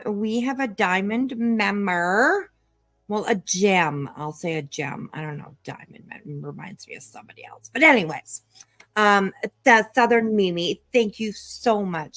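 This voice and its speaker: A woman's voice: medium pitch, a bit bright, dry recording. A woman hosting a casual live-stream commentary, chatty and sarcastic, thanking viewers by name. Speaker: commentary channel host. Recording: dry close mic, faint music.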